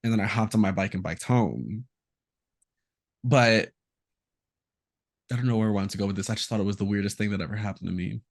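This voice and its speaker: A man's voice: fairly low pitch, a little fast, long pauses. A man hosting a casual podcast, telling a story and acting out the quotes in it. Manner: animated storyteller, acts out quotes. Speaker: podcast host.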